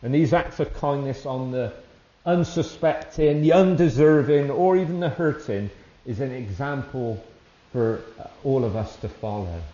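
Man preaching in a mellow voice. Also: mid-range voice, animated, moderate pace. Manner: rambling, warm-hearted, with frequent fillers and restarts; chuckles often while speaking. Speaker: lay preacher. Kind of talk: informal devotional talk. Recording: dull, roomy sound.

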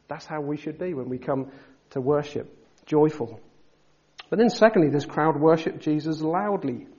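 A man preaching a sermon, asking his listeners rhetorical questions and building to loud, emphatic passages. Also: on the high side, highs cut off.

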